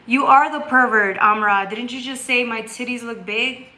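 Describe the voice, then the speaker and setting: A woman's voice: on the high side, moderate pace, few pauses, a little hiss or hum. A woman hosting a tarot livestream, chatting casually and bluntly with viewers. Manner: blunt and scolding, reads chat aloud, bursts into loud laughter. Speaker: tarot reader and livestream host.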